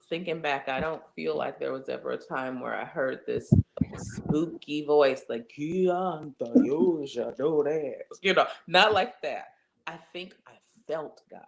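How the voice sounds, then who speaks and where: Gravelly woman, animated and emphatic. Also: sits low. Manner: animated, acts out quoted voices, emphatic. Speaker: interview guest. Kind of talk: conversational interview, inspirational.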